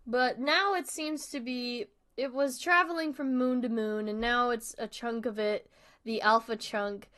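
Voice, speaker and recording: A woman's voice: on the high side, steady tone, measured pace, sharp tone. A young woman streaming a horror game. She reads the on-screen text aloud and rambles in a casual, self-deprecating way while eating dinner.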